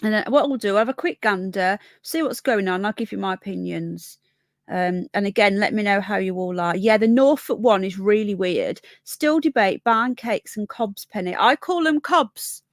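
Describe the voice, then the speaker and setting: A woman's voice: mid-range voice, normal speed, no room sound, clean studio sound. A woman with a Birmingham accent tinged with Yorkshire, rambling through a casual livestream chat and greeting viewers by name. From Birmingham, England. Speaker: livestream host. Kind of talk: casual live chat, reading comments.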